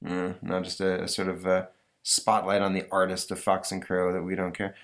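A man's voice: low-pitched, normal speed. A man hosting a podcast, chatting casually and rambling with lots of fillers. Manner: rambling, filler-heavy, lively. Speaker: podcast host. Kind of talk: casual chat.

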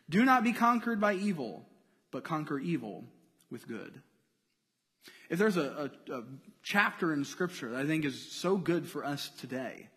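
A man preaching a sermon in a relaxed, conversational way, full of rhetorical questions and casual slang. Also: a little high, in a large hall. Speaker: pastor.

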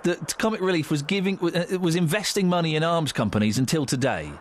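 A man hosting a radio phone-in, teasing callers, cutting in and firing quick questions. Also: fairly high pitch, animated, slight background noise.

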